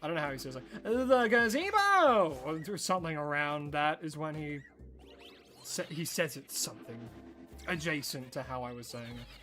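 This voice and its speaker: A young man streaming a game, telling stories to his chat in an animated way and laughing often. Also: a little high, moderate pace, faint music behind. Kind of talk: casual live-stream chat while gaming.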